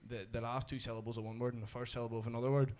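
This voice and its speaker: A young man talks in a loose, rambling way. He keeps restarting his sentences and fills them with "like." The tone is relaxed studio chat, with his pitch sitting in an ordinary middle range. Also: rapid-fire. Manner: rambling explainer, restarts, many "like"s. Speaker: rapper guest. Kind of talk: casual radio studio chat.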